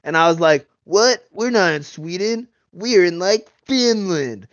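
A man's voice: high voice, expressive, measured pace, no echo, muffled recording. A man doing an improvised comedy voice of a dim-witted, boastful young male bro skier who talks in slangy surfer-bro drawl.

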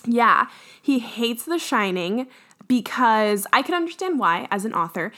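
A woman's voice: a little high, lively intonation, unhurried, pushed and bright. A young woman co-hosting a podcast, chatting casually with lots of fillers and giggles. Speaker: podcast co-host. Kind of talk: casual chat.

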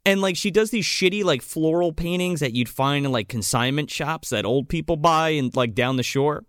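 A podcast co-host recapping a movie in casual chat, retelling it with lots of swearing and quick voices for the characters. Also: mid-range voice, fairly bright tone, no echo, clean studio sound.

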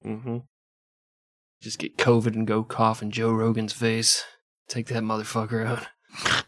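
A man hosting a podcast, telling a history story casually, with sarcastic, profane, deadpan jokes. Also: fairly low pitch, unhurried, no echo, studio quality. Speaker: podcast host.

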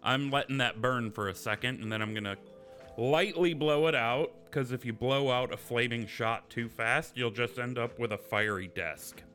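Man, podcast host, bright forceful voice, casual chat, cusses. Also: medium pitch, normal speed, faint music behind. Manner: swearing, explaining a drink recipe.

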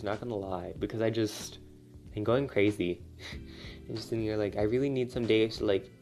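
Young man ranting with rising intensity. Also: on the low side. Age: young adult. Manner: rambling, swears a lot, voice climbs when riled up. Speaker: college student venting to camera. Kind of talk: casual rambling monologue.

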